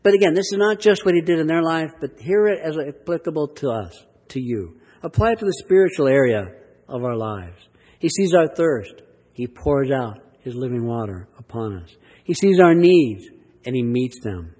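A man's voice: on the high side, lively intonation, moderate pace, darkish tone, in a large hall. A man preaching a sermon, reading Scripture aloud and teaching from it with earnest, emphatic delivery that swells and drops. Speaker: pastor.

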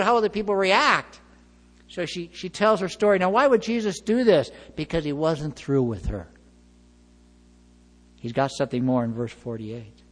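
A male pastor preaching a sermon, retelling scenes with lively acted-out dialogue and chuckles. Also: fairly high pitch, big-room sound. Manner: animated storytelling, acts out dialogue, chuckles.

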